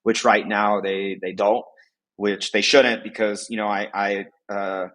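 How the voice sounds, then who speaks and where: Rambling man with a low voice. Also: little pitch movement, a little slow, a bit bright. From United States. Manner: rambling, laughs often, lots of "like". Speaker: podcast guest. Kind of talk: casual podcast chat.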